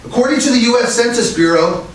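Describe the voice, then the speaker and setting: A man with a very high, expressive voice talks fast as he delivers a prepared Toastmasters speech, earnestly posing rhetorical questions. He's in a meeting room, and the recording is echoey, with a distant mic and faint background noise.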